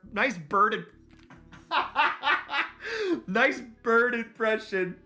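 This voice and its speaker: A man streaming a video game, chatting casually and excitably with his viewers and joking around. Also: a little high, normal speed, soft background music. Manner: excitable and jokey, reading chat aloud. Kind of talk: casual live-stream chat while gaming.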